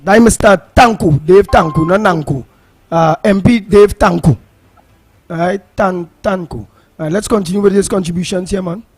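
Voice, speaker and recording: A man hosting a call-in radio show, giving brisk cues between callers. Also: high voice, slightly rough.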